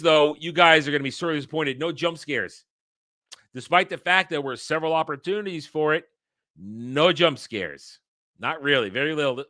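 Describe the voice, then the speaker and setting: A man hosting his own livestream talks bluntly and rambles, swearing freely and often restarting his sentences. His voice is on the high side, bright and forceful. The sound is clean studio quality with no echo.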